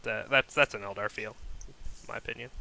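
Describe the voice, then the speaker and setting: A man's voice: fairly low pitch, a little fast, vocal fry, pushed and bright, a little hiss or hum, poor audio. A man co-hosting a live show, chatting casually about tabletop wargame rules, skeptical and teasing, full of "like" and loose phrasing. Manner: skeptical, teasing, many "like" fillers. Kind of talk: casual gaming chat.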